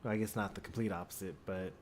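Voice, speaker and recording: A tired, yawning man in his thirties rambles casually to viewers on a game stream, musing aloud in a relaxed way. His deep voice comes fast through a desk USB microphone with a little hiss or hum.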